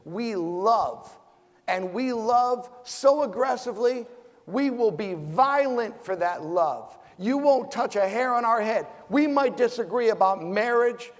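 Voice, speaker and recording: Fiery high-voiced man in a hall. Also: animated, unhurried. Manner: fiery, rhetorical questions, loud bursts. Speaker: Medal of Honor recipient panelist. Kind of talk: impassioned forum speech. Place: large event hall. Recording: hall reverb.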